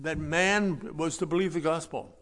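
Emphatic preacher in a reverberant hall. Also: male voice, on the high side, steady tone, moderate pace. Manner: emphatic, swings between loud stresses and quiet asides; folksy, conversational preaching. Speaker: pastor. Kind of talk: sermon.

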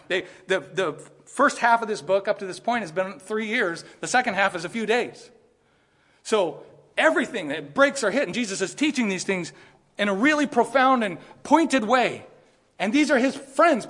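Man, high-pitched, preaching a sermon, earnest, emphatic peaks, quiet asides, long hall reverb. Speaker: pastor.

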